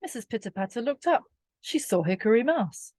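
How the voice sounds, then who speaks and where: A woman reading a children's storybook aloud, slow, clear and expressive for young listeners. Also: on the high side, no room sound, clean studio sound. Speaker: reader.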